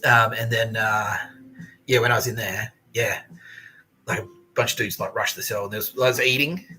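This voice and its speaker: A man's voice: on the low side, fairly even intonation, normal speed, pushed and bright, slight background noise, poor audio. A man, hosting a podcast and telling stories in a profane, aggrieved rant. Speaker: podcast host. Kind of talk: casual monologue storytelling.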